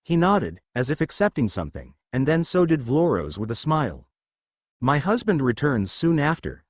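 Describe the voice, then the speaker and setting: Guy reading a story recap out loud, lively up-and-down voice, dry close sound. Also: on the high side, normal speed, no room sound. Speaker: recap narrator. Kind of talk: scripted storybook narration.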